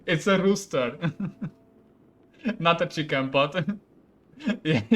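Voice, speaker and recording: A young man from Hungary with a Hungarian accent, a non-native English speaker, playing a game on stream, laughing often and getting worked up and loud. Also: a little high, expressive, extremely slow. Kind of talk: gaming commentary.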